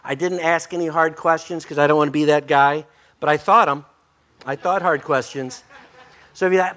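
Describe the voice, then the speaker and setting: An older man preaching a sermon as pastor, folksy and joking, his voice a little hoarse and breaking. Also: on the high side, fairly even intonation, a little fast, pushed and bright.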